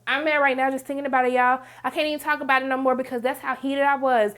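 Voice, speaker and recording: A woman hosting a casual TV episode recap, talking straight to viewers in an animated, slangy, dramatic way. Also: high voice, fast talker, few pauses, smooth. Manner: animated, dramatic, acts out characters in quotes; slangy, emphatic, talks to viewers. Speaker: TV recap host.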